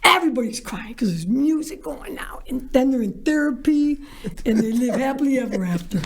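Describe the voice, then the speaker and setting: A woman's voice: high voice, expressive, moderate pace, warm tone. A woman guest on a talk show who tells a story in a brash, theatrical way, acting out the voices. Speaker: guest, filmmaker. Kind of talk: animated storytelling.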